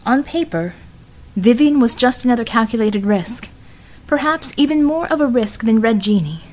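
A woman narrating an audiobook in a measured, scripted style. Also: a little high, lively intonation, a little mellow.

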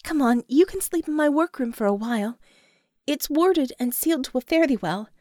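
Narrator plays a practical female mage, brisk and reassuring, lively pitch. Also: no room sound, clean studio sound.

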